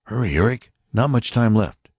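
A man voicing a nervous, hurried young man in an audiobook. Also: on the low side, expressive, darkish tone, slightly rough, no room sound, clean studio sound, pitched above the performer's own voice.

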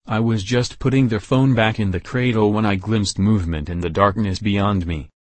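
Guy reading an audiobook, low voice, dead dry sound, steady pace. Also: moderate pace, hardly any pauses, dry recording. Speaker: audiobook narrator. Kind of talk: first-person audiobook narration.

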